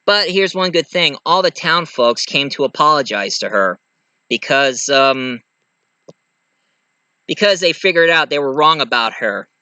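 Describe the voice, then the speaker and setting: A man's voice: a little high, animated, unhurried, bright, forceful tone, clear, resonant tone, no room sound. A man casually retelling a movie plot as a reviewer, rambling and chatty, with loose grammar and many fillers.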